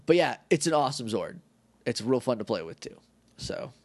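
A man's voice: medium pitch, big pitch swings, brisk, slightly rough, no room sound. A man co-hosting a podcast, chatting casually and joking as he rambles through a recap. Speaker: podcast co-host. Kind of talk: casual chat.

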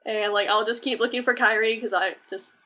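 A woman voicing an excitable, cheerful teenage boy hero from a video game, gushing in long eager run-ons. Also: fairly high pitch, fairly quick. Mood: upbeat relieved.

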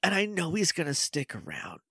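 Animated, lively podcast co-host man. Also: fairly quick, husky, no room sound, studio quality. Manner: animated, laughing, mimics characters in a low mumble. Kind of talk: casual chat.

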